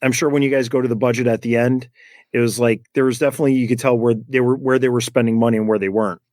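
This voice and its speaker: A man joins a casual movie podcast and talks things through slowly, pausing often to find his words. His voice sits in the middle range and sounds dry and close. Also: medium pitch, steady tone, a little mellow, no echo. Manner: thoughtful, hesitant, many fillers.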